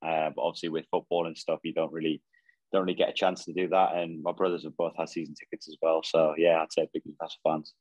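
Very low-voiced young man, modest. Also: level tone, fast, a little mellow, no room sound, dull audio. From Northumberland, England. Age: 20s. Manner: modest, hesitant, lots of "sort of" fillers. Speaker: footballer guest. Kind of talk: casual interview.

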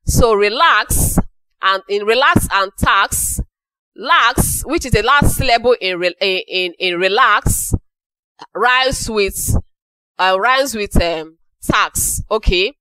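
A woman teaches a class with a bright, forceful, crisp voice that sits a little high. She goes over key phrases again, slowing them down so they sink in. The sound is dry and close. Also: lively intonation, no room sound, low-quality recording. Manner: repeats key phrases slowly for emphasis. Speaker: English teacher. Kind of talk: classroom lecture.

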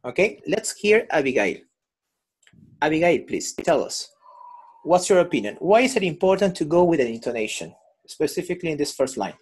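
A man's voice: on the high side, very animated, moderate pace, a little mellow, breathy edge. A male English teacher running an online class over a video call, patiently explaining and repeating examples.

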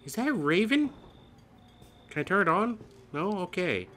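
A man's voice: sits high, big pitch swings, normal speed, pushed and bright, slight background noise. Jumpy, swearing young-sounding man gaming. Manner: jumpy, swears often, nervous self-mocking jokes. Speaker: let's play host. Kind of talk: horror game let's play commentary.

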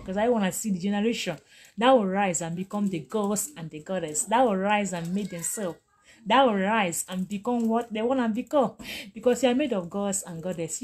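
A woman's voice: medium pitch, darkish tone, a little hiss or hum. Emphatic woman giving a spiritual pep talk. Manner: emphatic, repetitive, laughs often. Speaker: spiritual teacher live-streaming. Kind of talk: live-stream motivational talk.

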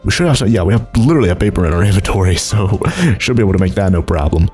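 A man's voice: rapid-fire, darkish tone, faint music behind. A young man narrating his Minecraft let's play, rambling and chuckling as he goes. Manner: rambling, chuckling, jumps between low mumbles and high exclaims. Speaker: gaming YouTuber.

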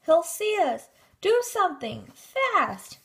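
A woman's voice: high voice, very animated, unhurried, full character voice. A woman voicing a nervous young schoolgirl in a storybook reading, speaking in an anxious, urgent way.

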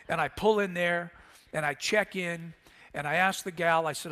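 A man preaching a sermon, telling a personal story with animated delivery and acted-out dialogue in a church sanctuary. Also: on the high side, normal speed. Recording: long church reverb.

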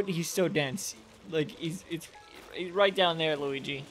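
Guy doing game commentary, high voice, gets loud and sweary then mutters. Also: a little slow, hardly any pauses, faint music behind. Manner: excitable, yells and curses at the game, then mutters quietly. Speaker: let's play host. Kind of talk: gameplay commentary.

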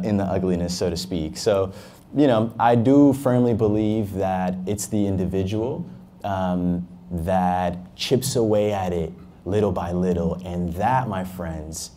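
A man's voice: lowish voice, mellow. A young man from Harlem, a guest at a fireside chat, talking about his path in business in an emphatic, motivational way with casual swearing. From Harlem, New York. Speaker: entrepreneur, interview guest.

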